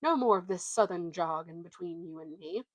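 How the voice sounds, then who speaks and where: A woman's voice: lowish voice, no room sound, lightly acted. A woman putting on a haughty talking horse. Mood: proud. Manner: haughty, lofty, drawn-out words. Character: proud talking warhorse, male, grand and scornful.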